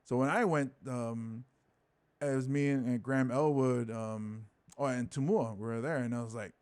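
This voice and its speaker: A man's voice: mid-range voice, normal speed. A man from Hawaii, a stand-up comic, telling stories in a casual interview and acting out quotes in voices. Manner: animated, acts out quotes in voices.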